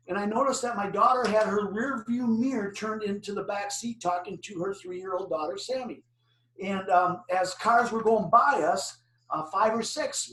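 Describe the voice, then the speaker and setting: An older man with a fairly high voice gives a driver safety talk. He tells animated stories and quizzes his audience. He sits some way from the mic, and the room echoes. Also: distant mic. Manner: animated storytelling with questions to the audience. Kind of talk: presentation to an online audience.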